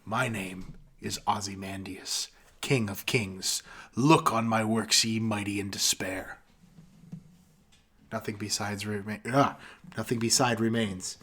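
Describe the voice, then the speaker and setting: A man co-hosting a podcast, reciting a poem slowly and solemnly with a falling voice. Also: fairly low pitch, steady tone, a bit bright, slight background noise. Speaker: podcast co-host. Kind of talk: casual chat, then dramatic poem recitation.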